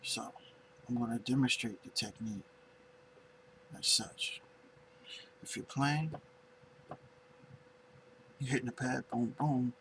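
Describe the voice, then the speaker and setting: A man teaching finger drumming in a casual tutorial, unhurried and searching for words as he demonstrates on pads. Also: medium pitch, fairly even intonation, fairly bright tone, slight background noise, poor audio.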